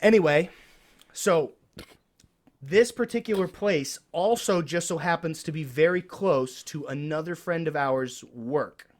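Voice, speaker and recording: A man with a New York accent chats as a podcast co-host, his voice sitting a little high. He tells stories with lots of swearing and slips into other people's lines as he goes. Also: measured pace. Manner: animated storyteller, swears often, acts out other people's lines. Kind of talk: casual chat.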